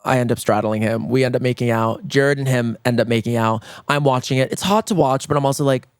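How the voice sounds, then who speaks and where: A man hosting a comedy podcast, telling a comic story in an animated way and rushing through lines. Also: clear, resonant tone, dry recording, studio quality. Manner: animated, rushes through lines, jumps to high squeals for quoted reactions.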